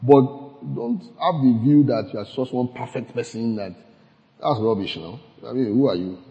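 A pastor of medium pitch speaks at a moderate pace through a casual sermon that feels like conversation. He laughs a lot and keeps asking the audience whether they follow, all captured in muffled sound with a long hall reverb.

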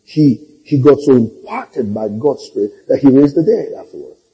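A man's voice: medium pitch, moderate pace, slightly rough, muffled recording. A male pastor preaching a sermon, telling stories and calling for amens. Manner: storytelling, animated, calls for amens.

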